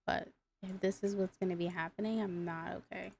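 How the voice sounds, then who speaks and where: Woman, gaming commentary, gravelly voice, mellow tone, talks back to the screen. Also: medium pitch, steady tone, normal speed, faint music behind. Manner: exasperated, talks to the game characters. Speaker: gaming YouTuber. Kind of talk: casual gameplay commentary.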